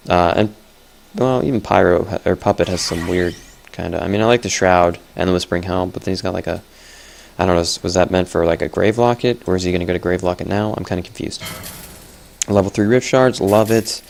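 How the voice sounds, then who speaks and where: A man's voice: deep voice, steady tone, brisk, creaky, slight background noise. A young man giving casual, chatty commentary on a game replay, blunt and often correcting himself.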